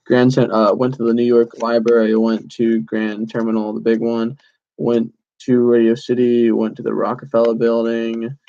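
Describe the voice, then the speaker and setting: A man's voice: medium pitch, completely flat delivery, normal speed, dark tone, muffled recording. A young man in his twenties hosting a casual solo podcast, rambling through stories with lots of "like"s and self-corrections. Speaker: podcast host.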